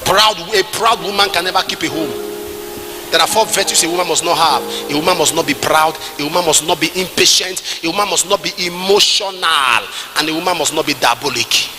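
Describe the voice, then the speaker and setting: A man with a Nigerian English accent preaching a sermon at a church service, moving between quiet asides and shouted, sing-song passages. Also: on the high side, a little fast, long reverb tail, over music. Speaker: pastor.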